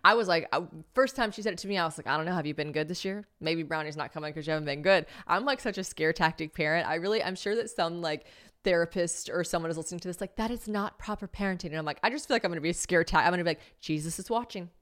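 A woman's voice: fairly low pitch, very fast, fairly bright tone. A woman in her thirties hosting a podcast, chatting casually and rambling, with frequent laughs. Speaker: podcast host. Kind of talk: casual chat.

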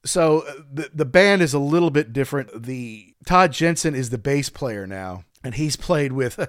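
A man's voice: medium pitch, normal speed, clean tone, no room sound, studio quality. A middle-aged man, a podcast host, telling a concert story in casual chat. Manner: storytelling, animated when quoting his daughter.

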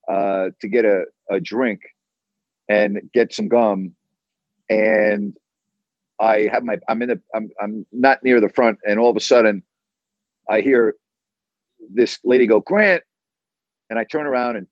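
Male call-in radio host, excitable storyteller, dull dry studio sound. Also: lowish voice, no room sound. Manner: enthusiastic, rambling storyteller. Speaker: sports talk radio host. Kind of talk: casual call-in show talk.

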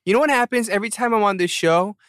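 A podcast host in his thirties, jet-lagged and tired, rambles and jokes at his own expense in a casual show outro. His high-pitched, fairly bright voice moves quickly in a studio-quality recording with no echo.

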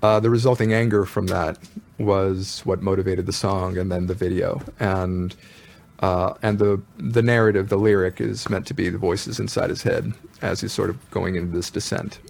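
A man as a musician guest in an interview, telling his stories in a thoughtful, measured way. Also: sits low, steady tone, vocal fry, darkish tone. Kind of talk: casual interview chat.

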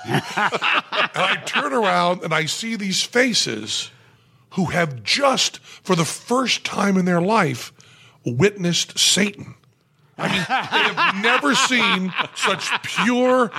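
Raspy, animated middle-aged man telling stories. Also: high-pitched. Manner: animated, profane, self-mocking. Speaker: guest storyteller. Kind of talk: casual anecdote telling. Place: private club room.

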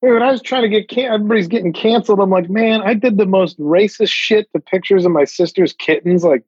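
Man, comedian guest, joking, swearing, husky voice, dull lo-fi line. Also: high voice, fast talker, a little mellow, no echo. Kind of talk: casual chat.

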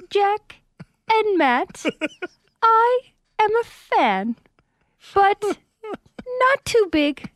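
A woman doing a stiff impression of an elderly queen, slow, flat and halting as if reading a cue card. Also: extremely high pitch, no echo, exaggerated voice.

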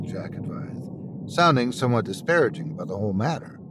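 A man narrating a scripted horror story in a slow, dramatic storytelling manner. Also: on the low side, sing-song, noisy background.

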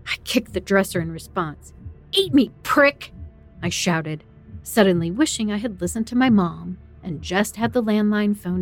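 A woman narrating a first-person horror story in a dramatic, tense storytelling manner. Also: medium pitch.

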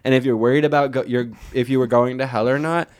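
A man's voice: mid-range voice, fairly even intonation, fast talker, a little mellow, clean tone. A man co-hosting a podcast, rambling and swearing freely in casual chat. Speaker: podcast co-host.

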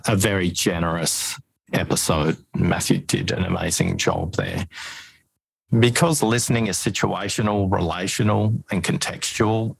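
Gravelly low-voiced man explaining. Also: no echo, rough recording. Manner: explanatory, lays out ideas in lists. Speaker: podcast guest and author on listening. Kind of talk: interview conversation. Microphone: video call.

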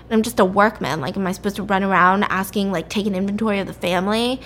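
A woman's voice: mid-range voice, fast, a bit bright, a little hiss or hum. A young adult woman chattily recapping a story and leaning on "like" as she goes. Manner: chatty, uses "like" often.

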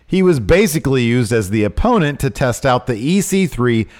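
A man co-hosting a podcast in casual chat. His pitch swings widely as he talks, climbing high whenever he gets worked up and outraged. His delivery is lively and emphatic. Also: normal speed. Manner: animated, rising to outraged emphasis. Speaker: podcast co-host. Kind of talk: casual wrestling news chat.

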